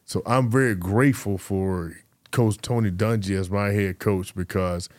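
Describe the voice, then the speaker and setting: With no room sound and at a moderate pace, a fairly low-voiced former professional football player shares stories during a relaxed interview. He brings them to life by acting out the quotes of the people involved.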